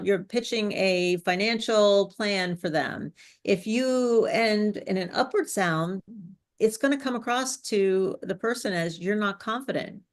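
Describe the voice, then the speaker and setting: A woman speech coach, teaching business speaking skills, varying her pace and bringing her pitch down at sentence ends. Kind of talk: live online presentation coaching.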